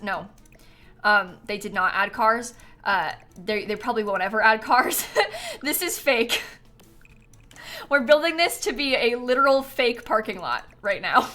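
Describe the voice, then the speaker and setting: This livestream host talks in a mid-range, bright voice with a forceful edge, taking her time as she chats casually over soft background music. She giggles while gaming and thanks viewers for their donations.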